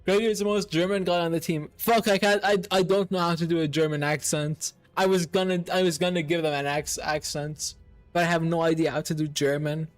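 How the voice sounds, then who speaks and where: A man streaming a video game, chatting casually and excitably with his viewers and swearing freely. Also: a little high, a little fast, soft background music. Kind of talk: casual live-stream chat while gaming.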